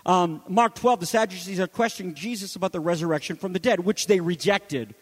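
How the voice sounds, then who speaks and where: High-voiced man preaching a sermon in a reverberant space. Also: a little fast, husky. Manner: impassioned preaching, swinging from loud emphasis to hushed asides. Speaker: pastor.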